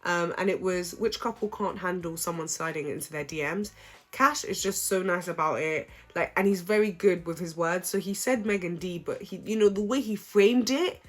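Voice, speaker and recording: A woman giving a casual, opinionated recap, chatty and animated, with frequent ums. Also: fairly low pitch. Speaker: reality show recap vlogger.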